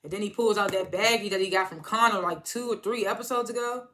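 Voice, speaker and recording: A chatty reviewer recaps a TV episode in a casual, rambling way, full of asides and restarts. The delivery is animated and keeps slipping into quoted lines. The voice sits at an ordinary middle pitch. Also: fast, a little hiss or hum.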